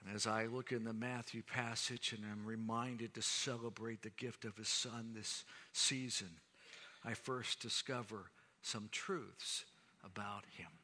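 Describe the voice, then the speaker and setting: Slow, bright-voiced male preacher. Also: lowish voice, fairly even intonation. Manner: measured, building to emphatic declarations. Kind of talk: sermon. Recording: long hall reverb.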